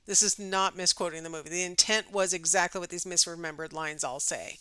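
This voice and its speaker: Woman lecturing, bright and crisp. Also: lowish voice, steady tone, fairly quick, dry recording. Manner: conversational, many ums and rhetorical "right?". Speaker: psychology instructor. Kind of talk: recorded lecture.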